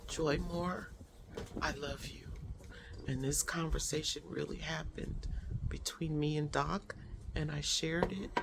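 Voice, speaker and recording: Slow, effusive woman vlog host. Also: deep voice, gravelly, noisy background. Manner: slow, effusive and emotional, with many fillers. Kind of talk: heartfelt personal vlog chat.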